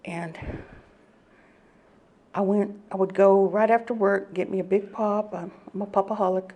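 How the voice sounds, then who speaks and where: A woman giving an animated personal testimony at a recovery meeting, laughing often as she tells it. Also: medium pitch, normal speed, lo-fi sound. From Oklahoma.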